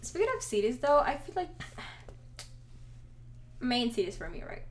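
Brief: female co-host, bright high voice with lively swings, giggly and chatty. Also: normal speed, a little hiss or hum. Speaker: podcast co-host. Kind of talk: casual chat.

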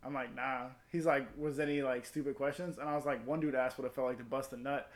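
A man's voice: mid-range voice, fairly even intonation, quick pace. Rambling profane male storyteller. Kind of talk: casual podcast chat.

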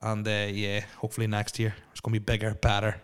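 A man's voice: lowish voice, monotone, quick pace, smooth. Rambling man podcasting solo. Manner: rambling, stammering, frequent fillers and restarts. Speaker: podcast host. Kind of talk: casual solo podcast chat. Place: alone in a house.

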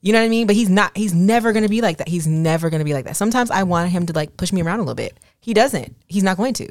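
A woman's voice: mid-range voice, animated, racing, darkish tone, dry recording, studio quality. A woman co-hosting a podcast with her husband, talking candidly and acting out quoted dialogue. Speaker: podcast co-host. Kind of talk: casual podcast chat.

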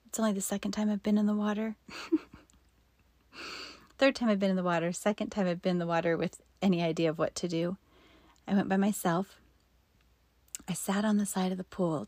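A woman's voice: mid-range voice, slightly rough, dry recording. Earnest woman in her fifties, dry sound. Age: 50s. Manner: earnest, drops into soft whispered asides. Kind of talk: personal faith storytelling.

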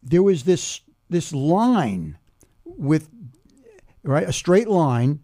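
A man in his seventies explaining humor in conversation and telling a joke slowly, step by step, with pauses. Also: on the high side. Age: 70s. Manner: animated, builds jokes slowly with pauses.

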